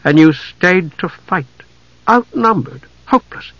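A man's voice: sits high, lively intonation, a little slow, a bit bright, no room sound, voice pushed up, heavily acted. Brief: a male reader doing a blunt bearded old warrior, raised and exasperated, dry dull audio. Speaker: audiobook narrator.

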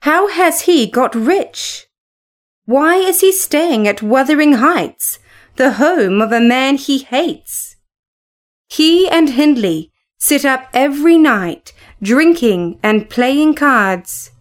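A woman reading aloud as a serious housekeeper giving a measured warning. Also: sits high, expressive.

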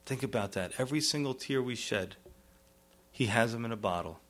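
A man's voice: a little fast, fairly bright tone. Earnest man preaching a sermon. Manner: earnest, rises in pleading bursts then drops low; repeats "you see" and "right". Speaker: pastor.

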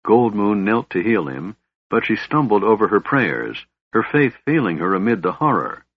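A man narrating a fantasy novel in a measured, even storytelling voice. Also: lowish voice, breathy edge, dry recording. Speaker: audiobook narrator. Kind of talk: scripted narration. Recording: slightly dull, dry recording.

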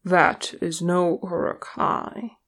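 Woman reading a solemn man in charge, slow and low, a little gravelly. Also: fairly even intonation. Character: grave male ranger leader, stern.

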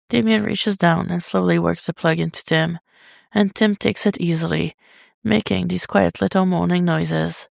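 A reader narrating a fan story as an audiobook, in an intimate, even delivery. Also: medium pitch, moderate pace, gravelly, no room sound, studio quality. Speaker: podfic reader.

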